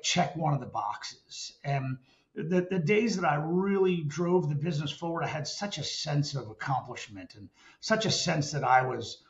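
A middle-aged man telling stories about sales work in a relaxed interview, with many restarts. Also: a little high, creaky, echoey room, muffled recording. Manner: reflective, storytelling with many restarts. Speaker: guest, former sales executive. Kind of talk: casual interview conversation.

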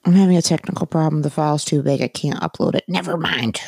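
A woman's voice: low voice, quick pace, vocal fry, darkish tone, breathy edge, no room sound. Woman, podcast host, comedian, casual monologue, rambling, self-interrupting, dry close sound.

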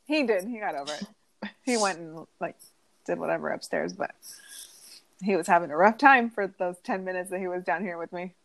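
A woman's voice: lowish voice, moderate pace, rough recording. A woman hosting a podcast, chatting casually and recapping an episode, often laughing through her stories. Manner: laughs often, animated storytelling. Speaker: podcast host.

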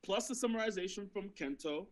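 A man's voice: high-pitched, brisk. A young man co-hosting a podcast, chiming in with wry jokes in casual chat. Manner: joking, wry interjections. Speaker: podcast co-host.

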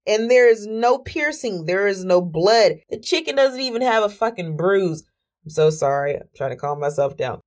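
A woman podcast host telling a story in a casual monologue, animated and exclamatory, cursing freely and talking herself down with deep breaths.

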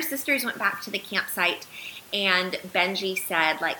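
A woman's voice: medium pitch, moderate pace, sharp tone, a little hiss or hum, rough recording. A woman in her thirties, a podcast guest, telling a personal story earnestly and with animation, using many filler words.

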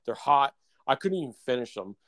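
A man's voice: mid-range voice, lively intonation, fairly quick, a bit bright, no echo. A man co-hosting a podcast, telling a long story in casual chat, full of fillers and laughs. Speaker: podcast co-host.

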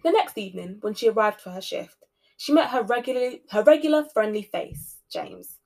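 A woman hosting a podcast, narrating a spooky story with expressive shifts between loud and soft delivery. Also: fairly high pitch, brisk. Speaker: podcast host reading a story.

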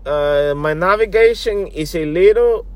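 A man, speaking broken in a loud, joking way and calling everyone honey and man while he drives. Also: high-pitched, unhurried, no echo. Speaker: co-host. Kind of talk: comedic casual chat. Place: in a car while driving.

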